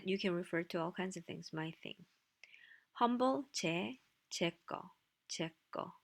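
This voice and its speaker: A woman's voice: on the low side, gravelly, fairly bright tone. A woman teaching a language lesson, explaining slides in a casual way with dry asides. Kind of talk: recorded lecture with slides.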